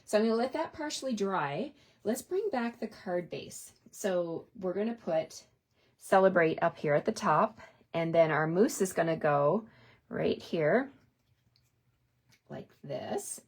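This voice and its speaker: A woman's voice: lowish voice, a little mellow. A woman hosting a hands-on craft tutorial, chatting cheerfully to her viewers as she works. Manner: chatty, upbeat, talks to viewers while working. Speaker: papercraft demonstrator.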